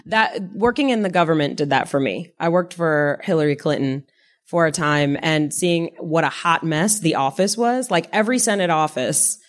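A woman's voice: sits low, animated, normal speed, soft background music. A woman co-hosting a podcast, chatting casually and laughing easily. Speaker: podcast co-host. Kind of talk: casual conversation.

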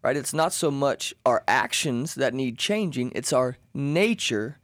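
A man's voice: mid-range voice, lively intonation, unhurried, fairly bright tone, no echo. A man co-hosting a Christian radio talk show, earnestly reading and explaining scripture in a studio. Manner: earnest, reads scripture aloud. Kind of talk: Bible discussion on radio.

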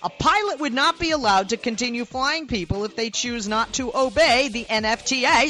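A woman's voice: a little high, expressive, moderate pace, few pauses, sharp tone, soft background music. A woman from the Boston area with a Boston accent, hosting a talk radio show and delivering an indignant, sarcastic monologue full of rhetorical questions.

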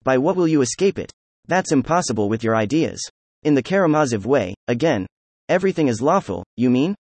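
A man voicing a gentle, earnest young man, in a plain, even reading. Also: mid-range voice, a little fast, no room sound. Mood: sorrowful.

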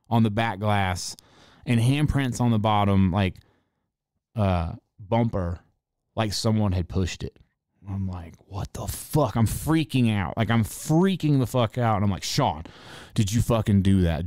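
Profane storytelling man, smooth low voice. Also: a little mellow, no echo, clean studio sound. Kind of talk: casual storytelling.

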